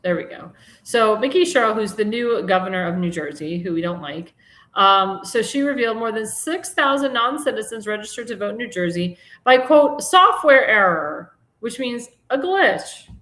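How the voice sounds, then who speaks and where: A woman's voice: medium pitch, expressive, fairly quick, fairly bright tone. A woman hosting a live-stream talk show, chatting in a rambling, casual way and laughing at her own jokes. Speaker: host. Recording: echoey room.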